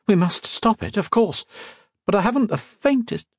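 A man's voice: sits high, expressive, moderate pace, breathy edge, dry recording, studio quality, voice pushed up. A man voicing a determined young woman adventurer in an audiobook, giving urgent commands in a raised voice. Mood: shaken.

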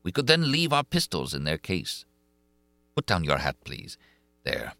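Storybook figure: solemn older stranger, slow and measured, deep voice, dry sound, read by a male narrator. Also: huge pitch swings, pushed and bright, dry recording, full character voice. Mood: instructing. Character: grave older foreign man, sad and secretive.

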